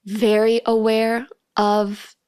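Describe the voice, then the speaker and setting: A woman's voice: fairly high pitch, monotone, slow, darkish tone, clear, resonant tone, no echo, clean studio sound. A young woman in her twenties hosting a solo podcast, talking candidly and ranting a little, with frequent laughs. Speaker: podcast host.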